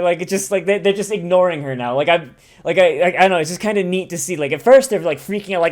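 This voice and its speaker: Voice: medium pitch, fast talker. Profane, rambling anime reaction host. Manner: profane, enthusiastic, rambling with many restarts. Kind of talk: casual watch-along commentary.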